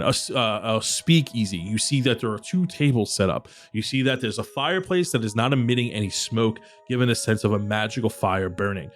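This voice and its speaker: A man narrating a tabletop game as dungeon master, describing scenes at length. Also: medium pitch.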